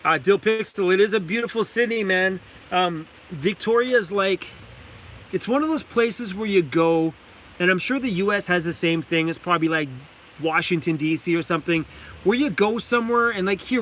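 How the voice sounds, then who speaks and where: A man's voice: high-pitched, pushed and bright, slight background noise. A man from Canada chatting casually on a live stream from his van, enthusiastic, laughing often and reading chat names aloud. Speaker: vlogger hosting a live stream. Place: inside a parked van.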